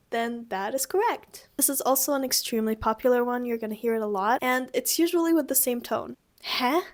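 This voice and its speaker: A young woman with a high voice gives a casual video lesson on everyday sounds. She talks in a chatty, direct way and acts out each sound with big, exaggerated tones. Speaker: language teacher.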